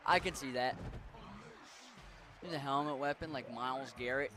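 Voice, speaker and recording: A man's voice: medium pitch, normal speed, long pauses, background noise. A young man from western Maryland with a mixed Pittsburgh and Appalachian accent, chatting casually and rambling as he streams a game, swearing now and then. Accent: western Maryland, Pittsburgh-Appalachian mix. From western Maryland, USA. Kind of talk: casual chat while gaming.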